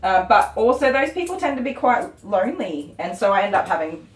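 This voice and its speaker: A woman's voice: mid-range voice, very animated, a little fast. A woman, chatting casually and telling stories while grooming on a live stream. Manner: chatty, storytelling, laughs often. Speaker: dog groomer and co-host. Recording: roomy echo from a distant mic.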